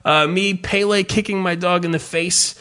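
A man on a podcast telling a long story in casual chat, swearing freely and mocking himself, and shouting the lines he quotes. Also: high voice, fairly even intonation, moderate pace, smooth. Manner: profane, self-mocking storyteller who yells his own quotes. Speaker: podcast host.

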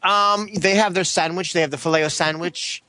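A man co-hosting a podcast, telling rambling stories in a deadpan way. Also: high voice, moderate pace, no echo. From New Jersey. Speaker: podcast co-host. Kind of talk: casual chat.

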